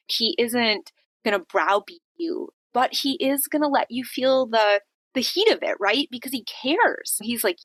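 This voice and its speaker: A woman hosting a devotional podcast, talking earnestly and conversationally about faith, with lively shifts when she quotes others. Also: fairly high pitch, measured pace, no echo. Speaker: podcast host.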